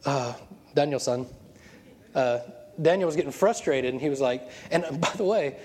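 A man preaching a sermon as pastor, telling stories in an animated way with frequent laughter. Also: medium pitch, moderate pace. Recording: long hall reverb.

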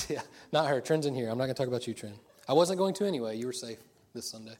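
A man's voice: medium pitch, animated, fast talker, darkish tone. A middle-aged man preaching a sermon in a chatty, joking way, laughing often. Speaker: pastor.

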